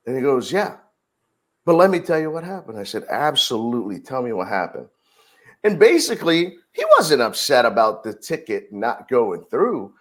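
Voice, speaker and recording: A man's voice: mid-range voice, moderate pace. A middle-aged man speaks as a podcast guest, telling a story from his working life. He acts out the exchanges with plenty of energy and keeps the tone conversational. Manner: animated storyteller, acts out dialogue. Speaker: podcast guest, security director.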